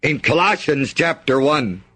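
A man's voice: on the high side, animated, measured pace, bright, forceful tone, slightly rough. A man preaching a sermon, reading scripture aloud and asking the congregation to fill in the missing words.

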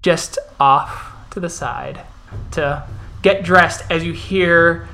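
Slow, bright-voiced male game master. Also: a little high, creaky, slight background noise. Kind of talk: tabletop game narration.

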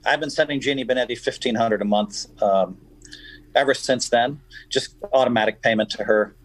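A man guesting on a radio show, telling stories in an animated, emphatic way. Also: mid-range voice, normal speed, no echo, poor audio. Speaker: guest poker player. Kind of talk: casual radio chat, storytelling.

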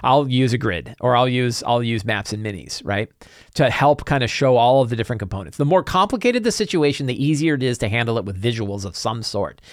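A middle-aged man hosting a casual solo talk show, animated, acting out quick bits of dialogue as he explains. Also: medium pitch, no room sound, clean studio sound. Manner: animated, acts out player and game master lines in quick asides. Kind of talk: solo casual talk about tabletop games.

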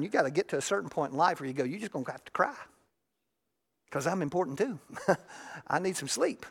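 A pastor preaching in a relaxed, conversational way, dropping into soft, confiding asides and then lifting the voice for emphasis. Everyday characters are acted out mid-sentence. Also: mid-range voice. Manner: shifts often between soft asides and raised emphasis. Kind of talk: sermon.

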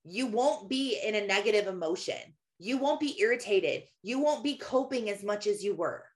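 A woman's voice: mid-range voice, animated, moderate pace. A woman in her thirties giving a personal faith talk, telling stories in a chatty way with many fillers. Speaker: Christian speaker.

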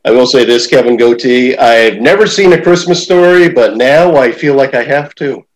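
In a casual podcast interview, the middle-aged host talks in a mid-range, animated voice at a moderate pace, hesitating and rambling with plenty of fillers. The audio quality is poor.

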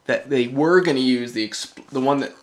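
A man's voice: medium pitch, normal speed. A man, rambling loosely and swearing casually in a casual podcast chat.

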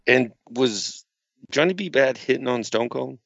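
Casting: man co-host with a low, gravelly voice, dry teasing delivery, and a dull, dry sound. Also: animated, measured pace, a bit bright, no room sound. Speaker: podcast co-host. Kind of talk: casual wrestling review chat.

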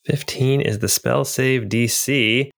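A man narrating as game master for a tabletop game. He is relaxed and descriptive, and laughs easily with his players. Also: medium pitch, slow pace, gravelly.

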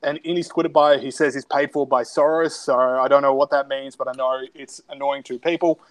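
A man's voice: medium pitch, fairly even intonation, brisk. A man co-hosting a podcast from home, wryly reading out tweets and poking fun in casual banter. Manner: wry, sardonic, reading out tweets. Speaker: podcast co-host. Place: home, self-isolating.

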